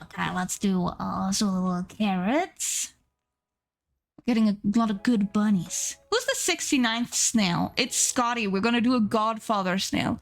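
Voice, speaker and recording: A young woman streaming live, gushing excitedly over viewers' art and pets, swearing casually. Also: mid-range voice.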